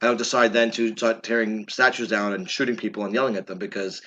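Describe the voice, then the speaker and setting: A man's voice: on the low side, steady tone, fast talker, sharp tone, dull audio, slight background noise. A man with a New York accent co-hosting a podcast, ranting bluntly with plenty of swearing. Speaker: podcast co-host. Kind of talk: casual opinionated chat.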